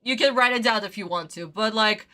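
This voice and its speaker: A woman's voice: mid-range voice, fairly quick, pushed and bright. A woman from Russia, ranting in exasperation and swearing while reacting to an anime on a livestream.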